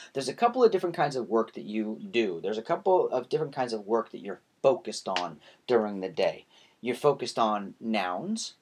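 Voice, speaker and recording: A man leads a webinar as the author of his own book, talking directly to his listeners. His pitch swings lively up and down as he ticks off items in rhythmic lists. The voice has a slightly husky edge. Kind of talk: webinar lecture.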